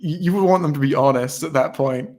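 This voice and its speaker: A man's voice: fairly high pitch, darkish tone. An English man with a hard-to-place, regionless accent, a podcast guest arguing his point in casual chat. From England. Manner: argumentative, quick rebuttals.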